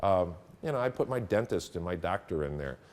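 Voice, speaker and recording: A man's voice: deep voice, lively intonation, a little fast, darkish tone. Middle-aged guy running a teacher workshop, voice swings up and down a lot, chatty storyteller who laughs at his own jokes. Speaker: teacher trainer. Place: room with a live audience.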